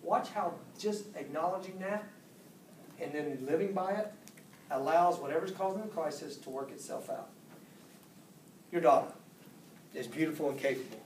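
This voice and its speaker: A man giving a motivational seminar talk, animated, acting out quotes with big jumps in pitch. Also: moderate pace, pauses often, a little hiss or hum. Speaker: speaker at a business seminar. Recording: echoey room, voice from far off.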